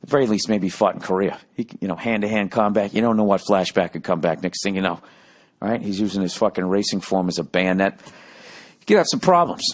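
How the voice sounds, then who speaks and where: A man's voice: low-pitched, expressive, fast talker. A man hosting a podcast, telling a profane comic story in a ranting, sarcastic way and acting out arguments. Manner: ranting, sarcastic, heavy swearing, acts out both sides of arguments. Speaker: podcast host.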